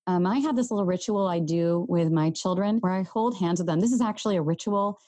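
Gentle earnest woman hosting a parenting podcast, mellow lowish voice, dry close mic. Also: fairly quick, no echo. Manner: earnest, gentle, speaks to listeners directly. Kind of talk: solo podcast talk.

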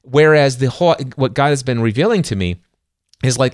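A man's voice: medium pitch, lively intonation, fairly quick, dry recording, studio quality. A middle-aged man co-hosting a casual book-discussion podcast, talking earnestly about faith and acting out his inner dialogue with emphasis. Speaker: podcast co-host.

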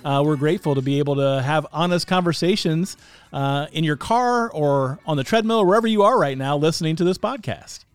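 A man's voice: fairly high pitch, brisk, smooth. A man co-hosting a podcast, chatting in an upbeat, casual way with frequent "uh"s. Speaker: podcast co-host. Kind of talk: casual chat.

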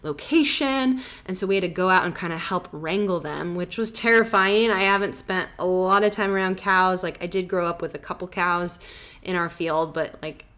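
Speaking at a moderate pace in a fairly low, slightly bright voice, a woman podcast host shares travel stories. Her telling is rambling and casual, full of fillers like "like" and "you know".

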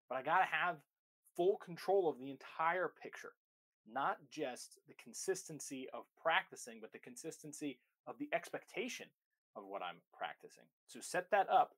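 Emphatic man explaining dog training. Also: a little high. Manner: emphatic, explanatory, talks to the listener directly. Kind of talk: instructional talk.

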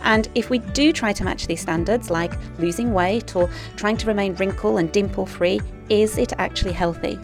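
A woman hosting a podcast, earnestly reading her intro and then chatting warmly with a friend, cheering her on and laughing often. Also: medium pitch. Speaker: podcast host. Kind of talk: scripted intro, then casual chat.

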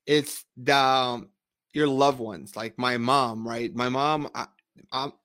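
He's a podcast host from a Spanish-speaking country, conducting a conversational interview. His voice is mid-range, steady, and fairly bright, and he speaks slowly and earnestly, often repeating words as he begins a thought.

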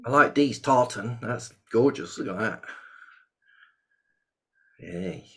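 A man's voice: medium pitch, slow pace. Host, man, jokey and chatty, video call. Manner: chatty, jokey, lively bursts of excitement. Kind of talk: casual webinar chat.

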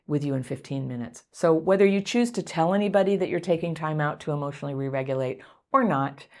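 A woman teaching how to calm strong emotions, in a coaching tone, laughing often and checking in with the listener. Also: low-pitched. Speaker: therapist teaching emotional regulation. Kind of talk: direct-to-camera teaching talk.

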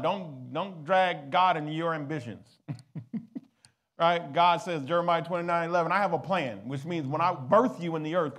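A man pastoring a church, preaching a sermon and calling on the congregation to answer back. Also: fairly high pitch. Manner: preaching, rising to loud exhortation, calling for responses. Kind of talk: sermon with audience call-and-response.

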